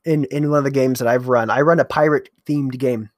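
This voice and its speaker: A man's voice: medium pitch, fairly even intonation, brisk, no room sound, studio quality. A man who runs a tabletop role-playing game, chatting casually and telling a story from his table with some hesitant restarts. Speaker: game master. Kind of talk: casual conversation.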